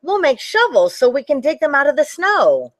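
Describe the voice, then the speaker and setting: A woman's voice: high voice, sing-song, normal speed, no echo, pitched above the performer's own voice. Woman doing a helpful old elf.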